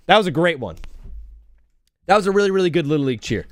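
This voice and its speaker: A man's voice: a little high, very animated, fast, background noise. A young man hosting a live stream from home, rambling through stories and chanting old cheers. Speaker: host. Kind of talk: casual live-stream chat.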